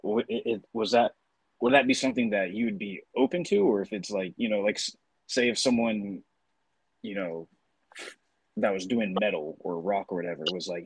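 A man's voice: lowish voice, huge pitch swings, normal speed, creaky, husky, dry recording, rough recording. A man co-hosting a podcast, asking long rambling questions full of fillers and restarts. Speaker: podcast co-host. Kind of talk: casual chat.

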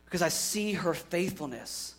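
A young pastor preaches in a slightly high voice. He is earnest, pushing some lines out with emphasis and dropping others to a near hush. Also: expressive, normal speed. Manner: earnest, swings from emphatic to quiet and hushed. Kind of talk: sermon.

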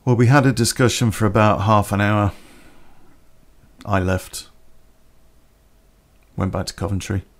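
A man telling a personal story on a podcast in a plain-spoken, unhurried way with pauses. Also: lowish voice, steady tone.

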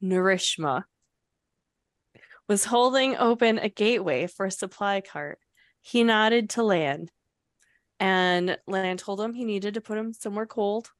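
Woman podcast co-host, casual book recap, unhurried delivery, dry close sound, laughing asides. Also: mid-range voice, dry recording. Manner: reads passages aloud with laughing asides.

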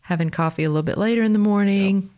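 A woman, co-hosting a casual faith podcast in a gentle, easygoing way. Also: mid-range voice, fast talker. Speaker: podcast co-host.

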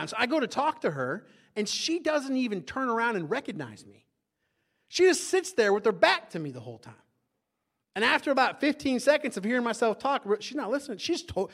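A middle-aged man preaching a sermon, telling a story from his own marriage with animated energy. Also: sits high, fast talker. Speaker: pastor.

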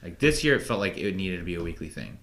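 A man's voice: sits low, sing-song, quick pace, vocal fry, a bit bright. A young man co-hosting a podcast in casual chat, easygoing and agreeable with lots of fillers. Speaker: podcast co-host.

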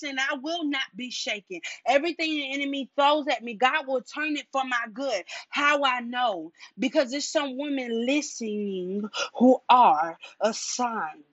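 A woman preaching a fiery motivational sermon, making bold, defiant declarations that build to shouts. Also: high-pitched, no room sound, lo-fi sound.

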